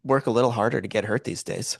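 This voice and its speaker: A man's voice: mid-range voice, fast, gravelly, husky. A middle-aged man co-hosting a podcast, telling a story in casual chat and acting out the voices of the people in it. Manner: animated storyteller, acts out voices in quotes. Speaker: podcast co-host.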